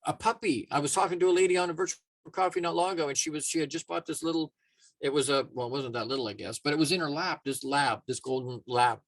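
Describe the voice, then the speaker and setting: A man's voice: fairly high pitch, fast, no echo. Plainspoken male life coach, dry sound. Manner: casual, repetitive, emphatic with many restarts. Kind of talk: motivational talk.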